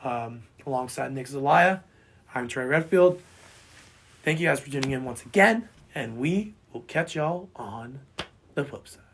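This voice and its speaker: A man co-hosting a casual sports podcast who has lost his voice and sounds hoarse and boyish, rambling and repeating himself as he talks sports. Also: medium pitch, expressive, measured pace, a bit bright, a little hiss or hum. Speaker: podcast co-host.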